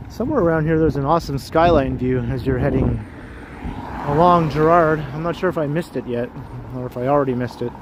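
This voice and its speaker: A man talks casually into a handheld camera as he walks outdoors, cracking jokes and greeting his viewers by name. His voice sits a bit high for a man. Street traffic noise is clearly heard under him. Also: a little fast. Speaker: livestream host. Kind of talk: casual walking livestream chat. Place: outdoors on city streets, walking.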